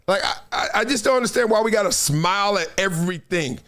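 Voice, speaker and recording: High-voiced, animated middle-aged man hosting. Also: fast. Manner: animated, emphatic, laughs often. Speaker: host. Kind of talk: live sports talk show.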